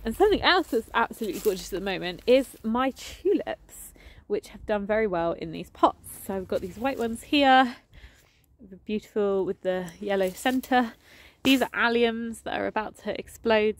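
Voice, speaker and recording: A woman's voice: medium pitch, lively intonation, normal speed. A woman with a stuffy, sniffly voice giving a chatty, enthusiastic tour of her garden and greenhouse. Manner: enthusiastic, chatty, names plants as she walks. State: congested, sniffing from a cold or hay fever. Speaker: gardening vlogger. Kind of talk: casual garden tour narration.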